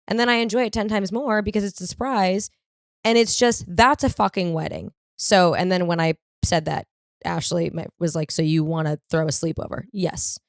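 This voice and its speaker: Speaking with vocal fry in a mid-range voice, a thirtysomething woman from the US East Coast hosts her podcast as a rambling, animated, profane comedy monologue, acting out the voices of people she quotes. The recording is studio quality with no echo.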